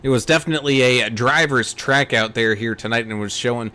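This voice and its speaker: A man's voice: medium pitch, a little fast, sharp tone. A man hosting a sim racing broadcast, leading post-race interviews with upbeat broadcaster patter. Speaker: play-by-play host.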